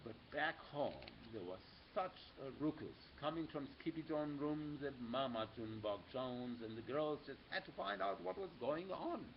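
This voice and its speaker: A man reading a children's picture book aloud as an animated storyteller. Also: a little high, normal speed, vocal fry, hardly any pauses, lo-fi sound, a little hiss or hum. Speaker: reader.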